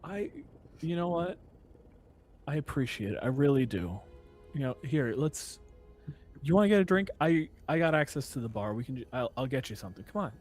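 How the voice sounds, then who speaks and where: A man's voice: mid-range voice, animated, a little mellow, faint music behind, close to an everyday voice. A man playing a self-absorbed rambling musician. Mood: eager. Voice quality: stumbling, halting phrasing. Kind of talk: tabletop game character voice.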